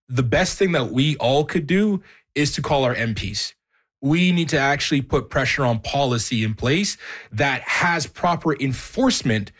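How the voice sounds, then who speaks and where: A man speaking as a guest on a radio panel about hiring. He talks with many fillers and turns emphatic. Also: medium pitch. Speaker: jobs and recruiting guest.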